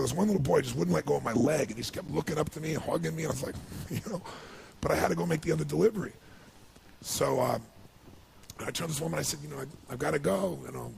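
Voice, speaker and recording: A man giving an emotional storytelling speech as a motivational speaker, swinging from hushed to loud and high when moved. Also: slight background noise. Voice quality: gravelly.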